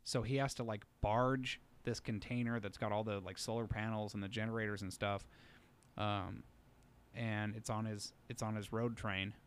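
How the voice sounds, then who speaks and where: A man's voice: on the low side, level tone, moderate pace, slight background noise. A man co-hosting a podcast in a studio, telling a long story in casual chat full of fillers. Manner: rambling storyteller, many fillers. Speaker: podcast co-host.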